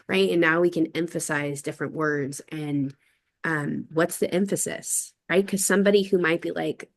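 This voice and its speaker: Woman, slightly low pitch, thoughtful, rambling, casual group chat. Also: steady tone, normal speed, gravelly. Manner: thoughtful, rambling, acts out quoted phrases. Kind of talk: reflective casual conversation.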